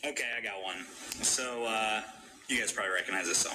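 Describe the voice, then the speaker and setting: A man co-hosting a casual podcast, a former radio DJ, joking in an animated way. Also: brisk, very noisy. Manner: jokey and animated, swings up and down in pitch. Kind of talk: casual chat.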